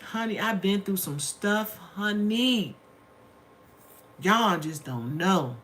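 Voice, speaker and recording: A woman's voice: mid-range voice, animated, takes it slowly, a bit bright, slight background noise. A middle-aged woman hosting a casual livestream from home, telling stories in a chatty way and calling her viewers honey and y'all. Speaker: livestream host.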